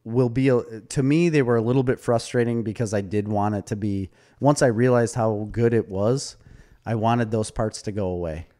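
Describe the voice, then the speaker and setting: Mellow-voiced man chatting on a podcast. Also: fairly low pitch, normal speed. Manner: animated storyteller, retells anecdotes with quoted voices; laughs often. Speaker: podcast co-host. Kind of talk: casual movie review chat.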